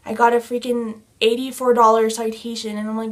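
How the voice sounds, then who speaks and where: A woman's voice: fairly high pitch, flat delivery, brisk. A young woman vlogger telling a story in a heated, profane rant.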